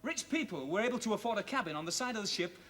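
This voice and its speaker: A male presenter reads a story aloud in a high, lively voice with a bright edge. He plays the patient, exasperated straight man, trying to keep the tale on track. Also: rapid-fire, in a large hall. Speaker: show presenter.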